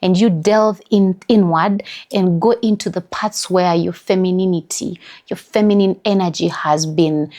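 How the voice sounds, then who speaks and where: A woman's voice: on the low side, steady tone, a little slow, hardly any pauses, dark tone. A middle-aged Ugandan woman with a Ugandan English accent, giving an earnest, emphatic motivational wellness talk as host, with many "you know" fillers.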